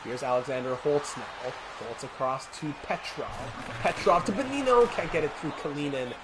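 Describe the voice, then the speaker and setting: This man's fairly high, expressive voice moves at a moderate pace against background noise. Streaming a hockey game, he does mock sportscaster play-by-play and talks to his viewers in the gaps.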